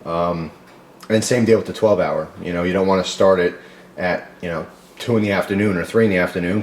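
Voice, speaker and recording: A man hosting a casual home cooking video, talking loosely with many fillers and pausing to taste. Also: deep voice, darkish tone, slight background noise. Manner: rambling, loose, tasting food mid-talk with filler words.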